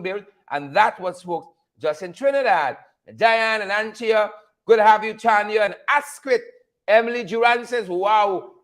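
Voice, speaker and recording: A Guyanese man hosting a live stream, ranting with sarcastic, preachy fire while greeting viewers. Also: high-pitched. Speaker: livestream host. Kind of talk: live-stream commentary and rant.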